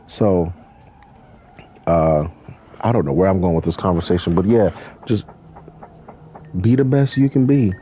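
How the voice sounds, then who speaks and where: A man's voice: low voice, a little slow, pauses often, warm tone, slight background noise. A young man rambling through a casual, profane Q&A with viewers while playing a driving game. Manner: rambling, profane, loose slang. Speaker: YouTuber answering viewer questions.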